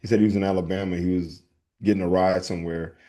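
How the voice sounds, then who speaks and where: A man's voice: deep voice, fairly even intonation, fast, dark tone. A man co-hosting a podcast in an upbeat, easygoing casual chat, acting out both sides of scenes he describes. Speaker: podcast co-host.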